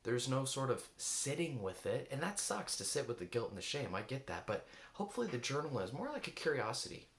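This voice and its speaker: A man's voice: medium pitch, very animated, fairly quick, hardly any pauses, a bit bright, reverberant. A man giving a reflective coaching talk, searching for words and asking many rhetorical questions. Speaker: eating coach.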